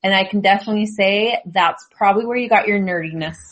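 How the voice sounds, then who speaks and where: A woman's voice: mid-range voice, fast talker, highs cut off, background noise. Chatty woman hosting a sisters' podcast. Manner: chatty, teasing, laughs often. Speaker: podcast host. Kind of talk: casual chat.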